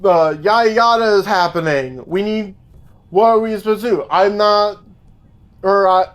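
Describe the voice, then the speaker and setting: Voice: mid-range voice, moderate pace. A podcast co-host recapping a movie plot in casual chat, with some swearing.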